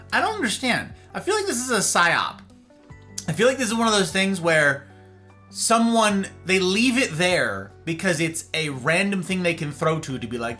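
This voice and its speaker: A man hosts a relaxed livestream, chatting playfully with his viewers. His pitch swoops all over and his tone is bright and forceful. Soft guitar music plays faintly behind him. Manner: animated and playful, greeting chatters by name. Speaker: livestream host. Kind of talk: casual chat with viewers.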